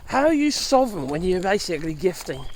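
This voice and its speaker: A man's voice: high-pitched, sing-song, quick pace, a little hiss or hum. A middle-aged man chatting casually and sarcastically on a dog walk outdoors, full of exclamations. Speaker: channel host. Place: outdoors walking dogs.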